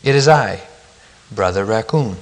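A man's voice: lowish voice, expressive, unhurried, long reverb tail. A man voicing a kindly male raccoon who guides a small mouse in a read-aloud story. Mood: friendly.

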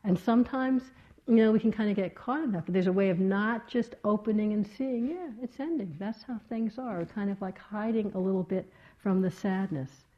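A woman meditation teacher giving a dharma talk in a gentle, reflective way, with many soft fillers. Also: medium pitch, fairly quick. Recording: slightly dull lo-fi talk recording.

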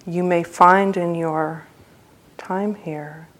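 A woman's voice: on the low side, steady tone, drawn-out words. A woman meditation teacher giving a dharma talk at a retreat center, telling a personal story in a humorous, loose, conversational way.

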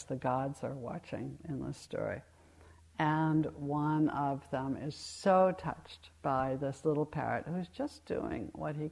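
An older woman in her sixties, a meditation teacher giving a gentle, unhurried dharma talk at a retreat, telling stories with pauses. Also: low-pitched.

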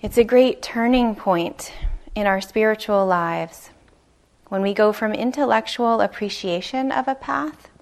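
A woman meditation teacher giving a dharma talk, telling a story slowly and gently, with soft pauses. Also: mid-range voice. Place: retreat meditation hall.

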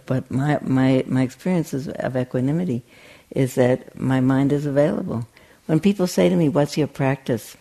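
A woman giving a dharma talk as a meditation teacher, speaking gently and conversationally, with frequent restarts and a playful storytelling streak. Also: extremely low pitch, gravelly, breathy edge.

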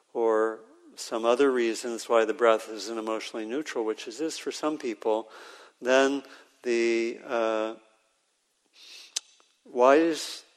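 A man teaching meditation to a live group, speaking slowly with frequent pauses and fillers. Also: mid-range voice. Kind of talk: guided meditation instruction. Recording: reverberant hall sound.

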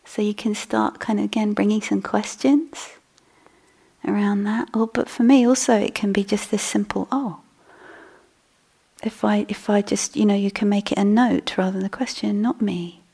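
Soft, husky woman giving a dharma talk. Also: medium pitch, steady tone, moderate pace. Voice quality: husky, gravelly. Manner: soft, breathy, often drops to a whisper. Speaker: meditation teacher. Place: meditation hall.

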